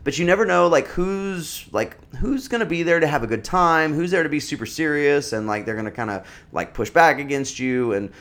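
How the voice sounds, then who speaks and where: A man's voice: a little high, lively intonation, brisk, hardly any pauses, a bit bright. A man in his thirties telling a personal story in a casual, rambling way, full of fillers and restarts. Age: 30s.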